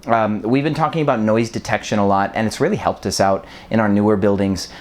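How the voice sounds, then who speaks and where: A fairly low-pitched man, a little fast, talks to his camera in a casual, rambling way with many ums; there's slight background noise. He's in his thirties, from Wisconsin, and hosts short-term rentals, filming indoors amid boxes, with a mostly neutral American accent bearing a light Wisconsin trace.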